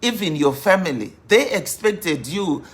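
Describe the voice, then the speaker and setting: Woman, life coach, earnest and unhurried, talks with lots of fillers. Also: lowish voice, animated. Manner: earnest, sprinkled with fillers and Shona words. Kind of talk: motivational talk on grief.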